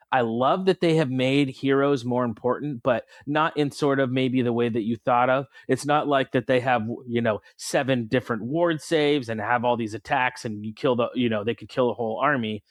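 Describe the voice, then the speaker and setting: A man's voice: medium pitch, moderate pace, dry recording. A man co-hosting a podcast, chatting about what he likes in a thoughtful, eager way. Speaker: podcast co-host. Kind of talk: casual chat.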